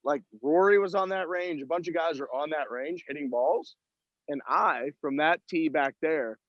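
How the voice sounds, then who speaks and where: A man with a slightly high voice tells self-deprecating golf stories, swearing freely in a casual, rambling way. He is calling in from outdoors at a golf event. The sound is dull and lo-fi, with little room echo. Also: moderate pace. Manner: profane storytelling, self-mocking. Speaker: podcast co-host. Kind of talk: casual chat.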